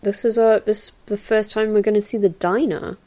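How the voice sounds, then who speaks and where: A woman's voice: medium pitch, fairly even intonation, moderate pace, mellow. A woman hosting a casual film commentary, chatting in a meandering way with lots of fillers and little laughs. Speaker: podcast host doing a film commentary. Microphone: new podcast mic.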